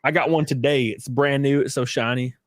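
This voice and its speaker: A man's voice: fairly even intonation, brisk, a little hiss or hum. A young man hosting a casual political livestream, loose and profane, mocking the things he reads out. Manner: loose, profane, mocking, acts out quotes with big pitch jumps. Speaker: livestream host.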